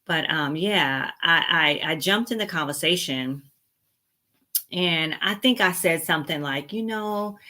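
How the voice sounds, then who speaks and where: This woman, a nurse practitioner, hosts her own channel and talks casually to the camera in a rambling way, full of fillers and restarts. Her voice is low, a little slow, pushed and bright. She laughs easily and makes playful asides to viewers.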